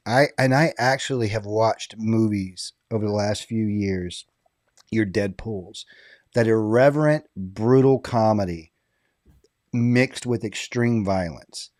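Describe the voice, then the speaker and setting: A man in a casual podcast chat, spinning an animated anecdote and laughing as he goes. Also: on the low side, slow pace, no echo, studio quality.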